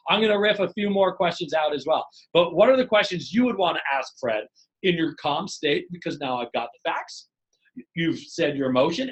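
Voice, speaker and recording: Energetic man teaching a webinar. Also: on the high side, poor audio. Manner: energetic, animated, acts out dialogue. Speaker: leadership trainer.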